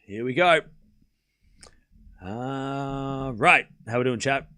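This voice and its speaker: A man's voice: medium pitch, takes it slowly, bright, forceful tone, smooth. A man hosting a live tennis watchalong stream, calling points and thanking viewers in casual chat. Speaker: livestream host.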